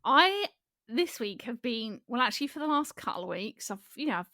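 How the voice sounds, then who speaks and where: A woman co-hosting a casual comedy podcast, talking in a high voice that leaps up and down as she rambles. She giggles often and keeps things playful. The sound is close and dry, with no room echo. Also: sing-song, normal speed, bright, forceful tone. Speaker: podcast co-host.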